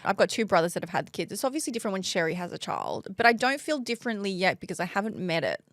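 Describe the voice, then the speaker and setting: A woman's voice: mid-range voice, expressive, fast, a bit bright, dry recording, studio quality. A woman, co-hosting a podcast in casual chat, joking and laughing often. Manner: chatty, laughs often, self-mocking jokes. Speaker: podcast co-host.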